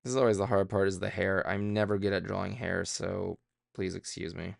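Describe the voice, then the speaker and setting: Gravelly low-voiced man rambling while drawing. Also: level tone, brisk, no room sound, studio quality. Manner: rambling, self-deprecating, thinks aloud with many fillers. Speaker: streamer drawing live. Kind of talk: casual streaming chat while drawing.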